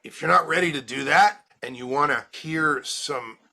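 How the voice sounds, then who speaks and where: A middle-aged man, a branding expert guest, talking in an animated way and acting out little scenes. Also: on the high side, moderate pace, vocal fry. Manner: energetic, acts out little scenes with quoted voices. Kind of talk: animated interview talk.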